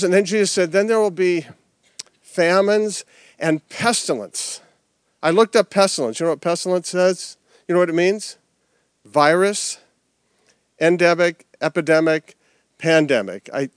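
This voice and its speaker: Chatty pastor, dry sound. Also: male voice, fairly high pitch, no room sound. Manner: conversational, with rhetorical questions and repetition. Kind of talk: sermon. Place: outdoor service.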